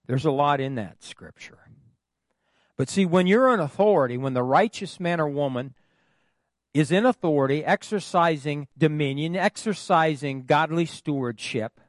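High-voiced animated pastor preaching. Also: male voice, no room sound. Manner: call-and-response with the congregation; folksy asides with humor. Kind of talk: sermon. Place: church, at the pulpit.

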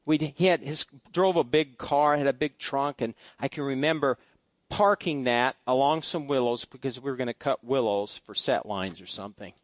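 A middle-aged male pastor telling folksy personal stories during a sermon, swinging between loud asides and quiet musing. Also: medium pitch, normal speed, dry recording. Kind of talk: storytelling sermon. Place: church sanctuary.

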